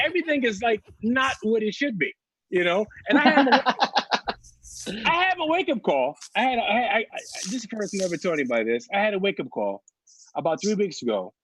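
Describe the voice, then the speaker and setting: Sitting on a couch at home, a stand-up comedian in his thirties performs a loose, foul-mouthed set over video call, chuckling as he tells stories. He has a high, fairly bright voice, and the audio is poor with no room sound.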